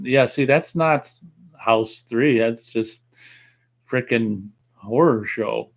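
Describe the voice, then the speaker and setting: Relaxed male co-host reading comments. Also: medium pitch, slow, long pauses. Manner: relaxed, reads viewer comments aloud. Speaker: radio show co-host reading chat comments. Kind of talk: casual chat.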